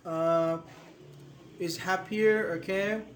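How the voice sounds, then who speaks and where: A young man teaching English grammar in a live online class, patient and questioning, repeating words slowly. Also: sits high, fairly even intonation, slight background noise.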